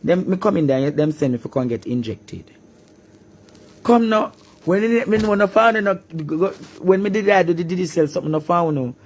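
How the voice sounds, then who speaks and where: A man with a Jamaican accent ranting in a live-stream monologue, breaking into shouts and sing-song cries. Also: high-pitched, lively intonation, moderate pace.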